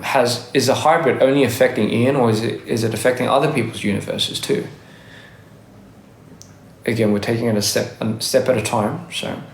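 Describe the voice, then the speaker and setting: A man with a faded Australian accent rambles through a casual live-stream chat, restarting sentences and laughing as he goes. His voice sits at an ordinary pitch. The phone mic picks up a noticeably echoey room. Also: slight background noise. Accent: Australian English, softened by years abroad. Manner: rambling, self-correcting, frequent laughs. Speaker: livestreamer.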